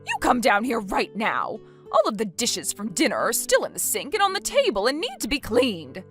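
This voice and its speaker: A woman's voice: fairly high pitch, wildly swooping pitch, normal speed, fairly bright tone, soft background music. A woman voicing a bossy, nagging mother-in-law who scolds and belittles, in a text-story dramatization. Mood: scolding.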